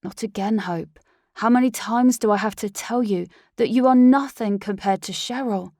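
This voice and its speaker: A woman voicing a cold, dismissive young male werewolf heir in an audiobook, with a slightly creaky voice. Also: medium pitch, normal speed, warm tone, no echo, clean studio sound, close to an everyday voice. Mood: scornful. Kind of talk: audiobook character voice.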